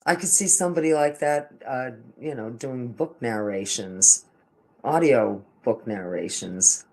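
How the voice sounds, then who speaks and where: A man's voice: mid-range voice, unhurried, darkish tone. Older man rambling through a casual story. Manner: meandering, with frequent restarts and stammered repeats. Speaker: vlogger.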